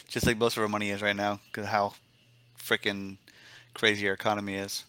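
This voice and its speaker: A man's voice: on the low side, flat delivery, normal speed, sharp tone, smooth. A man co-hosting a podcast, casually dismissing politicians in a blunt, wry, cynical way. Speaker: podcast co-host.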